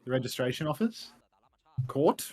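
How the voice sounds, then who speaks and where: A man's voice: medium pitch, normal speed. Dry-humored male esports caster. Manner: dry, offhand jokes, then lively calls. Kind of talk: casual co-casting and play-by-play.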